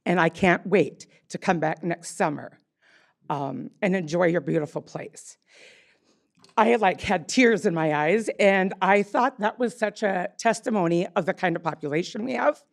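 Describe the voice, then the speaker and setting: A woman's voice: lowish voice, normal speed, creaky. A woman in her sixties, a wine bar owner speaking unprepared at a public meeting, rambling with many fillers and restarts. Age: 60s.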